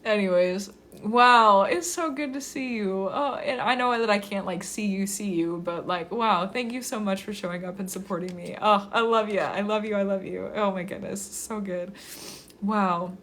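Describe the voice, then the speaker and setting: A woman astrologer chatting on a live stream and giving readings, effusive and quick to laugh, sometimes slowing into a soft invocation. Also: mid-range voice. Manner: effusive, gushing, laughs often.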